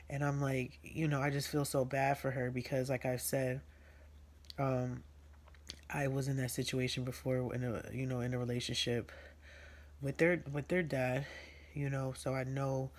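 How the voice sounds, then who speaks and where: Name: rambling diary vlogger. Sex: man. Style: venting vlog. Pitch range: flat. Nose: runny from allergies. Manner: rambling, slangy, lots of fillers. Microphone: recording on a phone.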